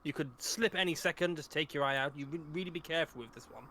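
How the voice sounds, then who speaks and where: A man's voice: fairly high pitch, fast, pushed and bright, a little hiss or hum. A man voicing a bookish, fussy male professor, stammering and easily offended.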